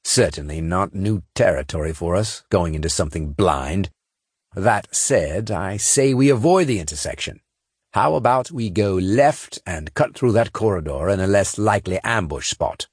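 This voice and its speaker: A chatty tech marine frets about enemy defenses, as a man puts him on. The husky voice is pushed noticeably higher than the reader's own, lively and quick, in a dry close reading. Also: dry recording, heavily acted. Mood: fretful. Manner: fretful, talkative. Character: eager male techie marine who runs robots.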